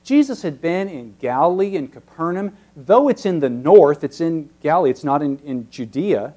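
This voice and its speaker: A man preaching an expository sermon, teacherly, with emphatic peaks that drop to very soft passages. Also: on the high side, animated, moderate pace.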